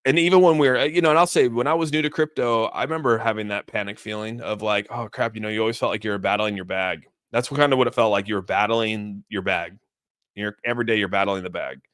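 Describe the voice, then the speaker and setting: A man's voice: on the low side, fast talker, fairly bright tone, smooth, dry recording, studio quality. A man streaming live, talking casually through crypto charts and reading out viewer messages in a loose, chatty way. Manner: loose and chatty, many restarts, reads donor messages. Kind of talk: casual livestream chart commentary.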